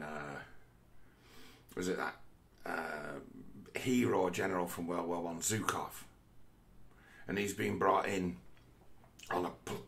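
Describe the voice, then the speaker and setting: Low, gravelly man musing. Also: fairly bright tone. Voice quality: heavy swearing, restless restarts. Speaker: vlogger. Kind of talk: rambling philosophical monologue.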